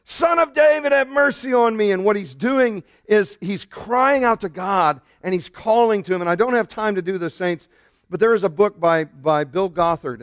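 A middle-aged man, a pastor, preaching a lively sermon and shouting out the lines he quotes. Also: high voice, clear, resonant tone, no echo, clean studio sound.

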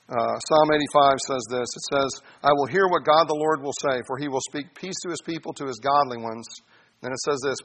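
Bright-voiced animated preacher man. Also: mid-range voice, slight background noise. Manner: animated, acts out voices, addresses listeners as saints. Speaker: pastor. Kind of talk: sermon.

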